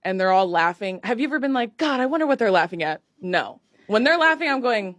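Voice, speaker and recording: A woman's voice: fairly high pitch, big pitch swings, brisk, fairly bright tone, dry recording. Sarcastic podcast woman, voice jumps all over, dry close sound, mocking asides. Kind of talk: podcast chat.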